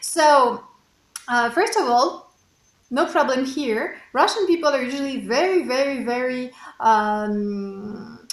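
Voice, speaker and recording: A young woman from France with a French accent, telling a story in a chatty, expressive way with frequent fillers. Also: high voice. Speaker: French teacher. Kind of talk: casual storytelling. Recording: echoey room.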